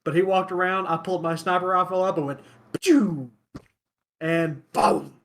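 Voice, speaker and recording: A man hosting a casual podcast, telling stories in a relaxed way with lots of ums. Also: high-pitched, quick pace. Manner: relaxed storyteller, many ums and uhs. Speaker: podcast host. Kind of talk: casual chat, storytelling.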